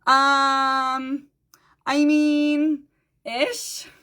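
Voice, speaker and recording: A woman's voice: high-pitched, level tone, very slow, pushed and bright. Tired, chatty woman hosting a live sale. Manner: chatty, greets viewers by name, repeats item numbers. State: tired, low on energy. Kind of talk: live-stream sales chat.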